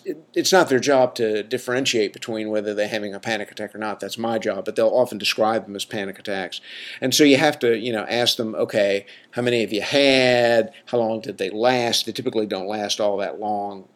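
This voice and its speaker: A middle-aged man, a clinician, talking casually for a podcast, rambling with many fillers and self-corrections, frank and jokey. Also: lowish voice.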